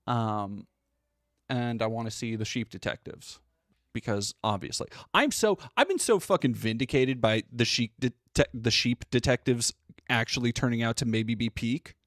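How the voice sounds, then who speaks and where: A man's voice: mid-range voice, expressive, moderate pace, a bit bright, dry recording, clean studio sound. Casual, sarcastic male streamer. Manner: casual and sarcastic, swears, reads chat aloud. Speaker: stream host.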